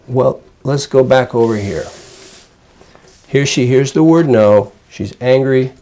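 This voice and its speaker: An older man, a child psychiatrist, calmly explaining parenting techniques to a parent in plain, conversational teaching. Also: medium pitch, slow. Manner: calm, explanatory, plain-spoken. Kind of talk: conversational teaching with role-play examples.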